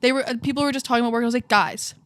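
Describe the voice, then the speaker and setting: A woman hosting a podcast, talking effusively and warmly encouraging her guest. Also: on the high side, fairly even intonation, very fast, no room sound. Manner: effusive, emotional, gushing. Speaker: podcast host. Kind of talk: casual interview chat.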